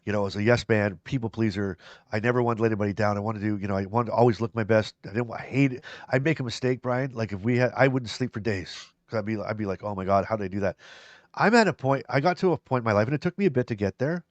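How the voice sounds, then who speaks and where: A man's voice: lowish voice, rapid-fire, no room sound, lo-fi sound. A man co-hosting a live show, chatting casually and reading viewer comments aloud. He rambles, repeats himself and laughs easily. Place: live stream.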